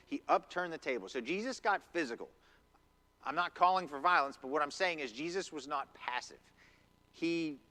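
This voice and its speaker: A man's voice: on the high side, bright, forceful tone. A man preaching a conversational sermon in a church, acting out quotes as he goes. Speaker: pastor. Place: church sanctuary.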